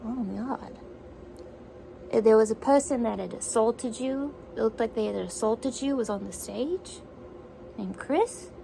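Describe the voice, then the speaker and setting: A woman with a fairly high, gravelly voice talks through a one-sided conversation, echoing each answer back in disbelief before asking the next question. Her delivery is questioning and repetitive, with faint background noise on the recording. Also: a little slow, warm tone. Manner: incredulous, questioning, repeats what she hears.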